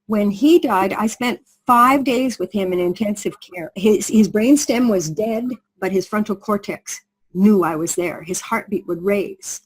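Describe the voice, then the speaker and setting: Husky woman telling a sales story. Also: medium pitch, measured pace, poor audio. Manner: animated storyteller acting out quoted voices. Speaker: product presenter.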